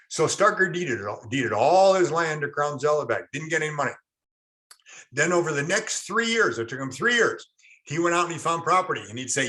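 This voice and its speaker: A man's voice: a little high, lively intonation, brisk, bright, forceful tone. A man teaching a real estate class online, explaining through stories and quizzing students in chat. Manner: storytelling, quotes people in acted asides, quizzes the class.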